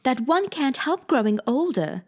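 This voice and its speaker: A woman's voice: sing-song, a little slow, a little mellow, full character voice. A woman voicing a polite, curious seven-year-old girl in a storybook reading, earnest and courteous. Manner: earnest, polite, raised pitch.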